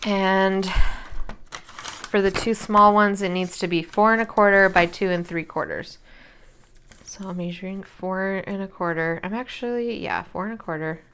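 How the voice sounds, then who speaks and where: A woman's voice: mid-range voice, fairly even intonation, moderate pace, a bit bright, a little hiss or hum. A tired woman in her thirties chatting casually at home while she crafts, rambling with lots of fillers. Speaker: crafting vlogger and mother.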